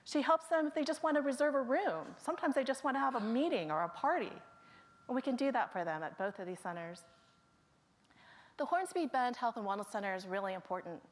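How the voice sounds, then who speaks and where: A woman speaking to her colleagues at a staff meeting, telling the stories of coworkers one by one in a storytelling manner. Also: on the high side. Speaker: staff member presenting to colleagues.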